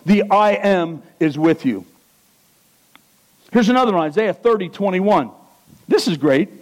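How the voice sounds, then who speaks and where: High-voiced preacher man, swinging loud and soft. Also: expressive, unhurried, low-quality recording. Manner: swings from loud, high exclamations to quiet, low earnestness; asks the congregation questions. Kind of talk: sermon.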